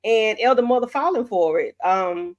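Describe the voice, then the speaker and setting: A woman chiming in on a casual roundtable about a TV show, emphatic and chatty. Her voice is on the higher side. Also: lively intonation, moderate pace, muffled recording. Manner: emphatic, chatty, reacts with mm-hmms. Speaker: panelist.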